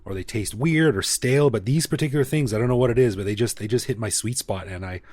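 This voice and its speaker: A man's voice: medium pitch, fast, dry recording. A man co-hosting a podcast in a casual, jokey chat. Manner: jokey, animated. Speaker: podcast co-host. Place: living in Bangkok.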